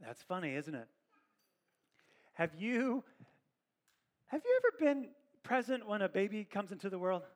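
High male voice, pastor, conversational sermon, animated, church setting. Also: unhurried, pauses often. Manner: conversational, animated preaching with asides to the congregation.

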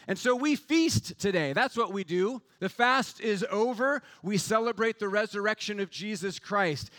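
Man, pastor, fervent sermon, rhetorical build, fairly high voice. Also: bright, forceful tone.

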